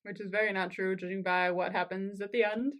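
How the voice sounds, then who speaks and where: A woman co-hosting a podcast, reacting quickly with laughs and the odd curse while recapping a show. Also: medium pitch, little pitch movement, a bit bright. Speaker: podcast co-host. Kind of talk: casual recap chat.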